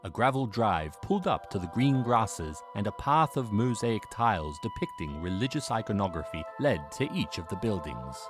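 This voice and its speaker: A man narrating a fantasy audio drama in a steady, descriptive way. His voice is lowish but lively in pitch, with clear music underneath. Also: normal speed, hardly any pauses. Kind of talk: scripted narration.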